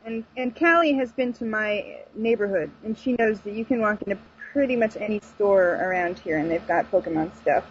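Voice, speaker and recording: A woman's voice: mid-range voice, moderate pace, few pauses. A woman chatting casually as a podcast guest, laughing and playfully mocking. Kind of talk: casual chat. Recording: lo-fi voice chat with faint noise.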